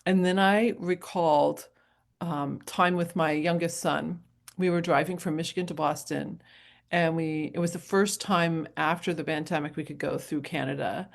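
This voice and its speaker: A middle-aged woman from New Hampshire, giving a casual motivational talk as a coach, chatty and rambling and quick to laugh. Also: low voice, fairly even intonation, creaky. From New Hampshire, USA.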